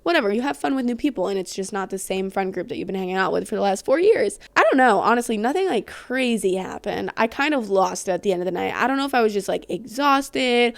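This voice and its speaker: A woman's voice: medium pitch, expressive, quick pace, creaky, few pauses, dry recording. A young woman hosting her own podcast, chatting casually and rambling with lots of fillers and the odd swear word. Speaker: podcast host. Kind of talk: casual solo podcast chat.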